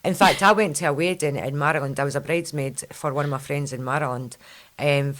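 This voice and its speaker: A woman's voice: deep voice, steady tone, a bit bright. A woman with a Scottish accent hosting a podcast in a chatty, rambling way. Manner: chatty, quick, rambling storyteller. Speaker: podcast host. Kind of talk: casual chat.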